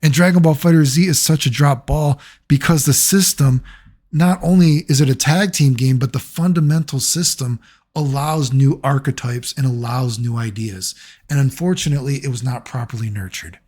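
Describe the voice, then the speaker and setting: A man's voice: mid-range voice, normal speed, darkish tone. A man speaking as a gaming YouTuber in casual commentary, rambling and sarcastic, swearing freely.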